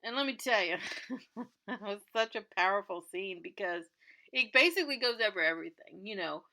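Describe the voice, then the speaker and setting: A woman's voice: medium pitch, expressive, normal speed, pushed and bright. A woman who resells clothing, chatting through a TV episode recap and acting out the characters' lines as she retells them.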